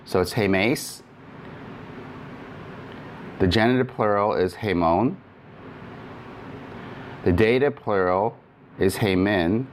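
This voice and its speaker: Low-voiced man teaching Greek grammar. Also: slow pace, long pauses, a little hiss or hum. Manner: methodical, with frequent fillers and restarts. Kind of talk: recorded lecture.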